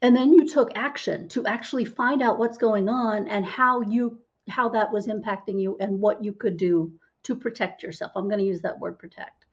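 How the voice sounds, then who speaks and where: A woman's voice: mid-range voice, normal speed, few pauses, dull audio. A middle-aged woman, a holistic healer, explaining as a podcast interview guest and often asking "right?" to check in. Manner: explanatory, tags lines with "right?".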